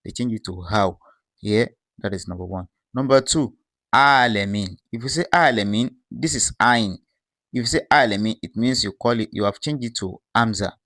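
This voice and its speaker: A man teaching pronunciation, calmly explaining and posing rhetorical questions as he contrasts correct and incorrect forms. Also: lowish voice, brisk, dry recording, clean studio sound. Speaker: Quran recitation teacher. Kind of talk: explanatory lesson with recited examples.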